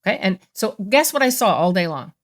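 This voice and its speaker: Middle-aged woman, therapist, interview guest, animated storyteller, mid pitch. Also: brisk.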